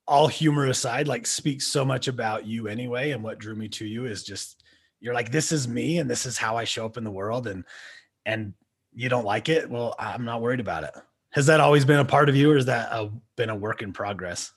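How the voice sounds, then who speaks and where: A man's voice: mid-range voice, fairly quick, breathy edge. A man hosting an interview, asking questions and affirming his guest with rambling restarts. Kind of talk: casual interview chat.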